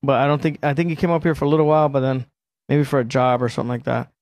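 A middle-aged man in casual chat, telling a profane, animated story and acting out what people said. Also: medium pitch, racing, dry recording.

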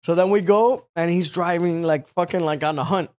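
A young man telling a rambling, profane story in casual chat, full of fillers and animated asides. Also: high-pitched, normal speed.

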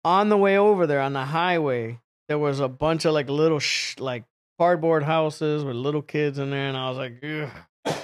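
A man's voice: on the high side, normal speed, clean tone. A man telling rambling, crude stories in casual chat, laughing often. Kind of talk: casual profane storytelling.

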